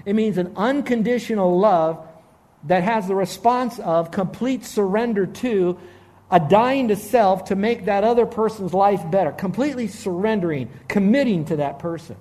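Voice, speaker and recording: A middle-aged man preaching a sermon as a pastor, animated, swinging between loud emphasis and hushed asides. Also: sits high.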